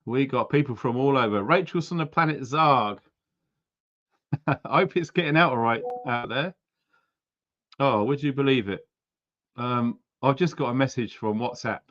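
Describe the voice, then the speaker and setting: A man's voice: mid-range voice, moderate pace, pauses often, a bit bright. Male streamer, casual and chatty, lots of ums, slightly muffled stream audio. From United Kingdom. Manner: chatty, reads viewer names and places aloud, frequent ums. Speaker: livestream host. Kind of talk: casual livestream chat.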